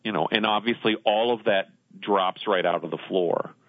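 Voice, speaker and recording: Deep-voiced male guest on a phone line. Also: normal speed, no echo. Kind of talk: conversational interview. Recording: tinny phone line, dry.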